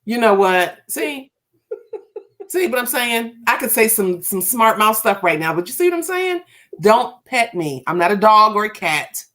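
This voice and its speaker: A woman's voice: mid-range voice, big pitch swings, a little slow, fairly bright tone. A woman in casual chat, talking bluntly and emphatically, repeating firm commands.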